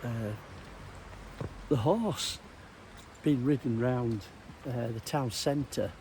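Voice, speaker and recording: A man's voice: medium pitch, very slow, dark tone, a little hiss or hum. A middle-aged man and former police officer giving a casual, rambling walking tour outdoors, with dry humour. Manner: meandering, anecdotal, dry humour. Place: outdoors in a small town.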